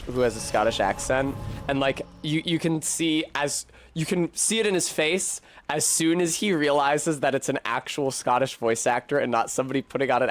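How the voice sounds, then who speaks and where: A man streaming a video game, giving casual, profane commentary, talking back to the game and to his chat. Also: medium pitch.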